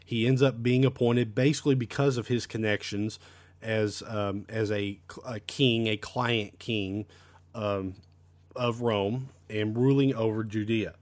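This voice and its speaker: A man's voice: fairly low pitch, steady tone, a little slow. A man teaching an unscripted Bible lesson, talking with frequent fillers and repeated words.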